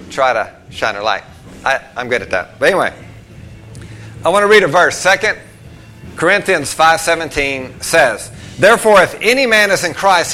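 Middle-aged male preacher, storytelling sermon with emphatic swells, bright tone. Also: a little high. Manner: conversational storytelling, rises to emphatic peaks.

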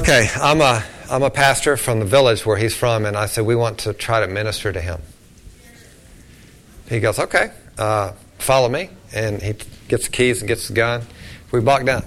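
A man who is a pastor, telling a story in a sermon and dropping to a hushed voice for the quoted lines. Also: mid-range voice.

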